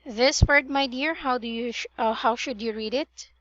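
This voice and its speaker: A woman's voice: on the high side, moderate pace, fairly bright tone, no echo, dull audio. A woman tutoring English pronunciation in a one-on-one online session, patiently drilling words and correcting vowel sounds.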